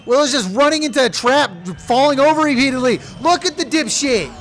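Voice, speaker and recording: Excitable young man yelling over gameplay. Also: very high voice, fairly quick, soft background music. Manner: excitable, swears loudly, yells at his companion. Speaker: gaming video creator. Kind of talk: let's play commentary.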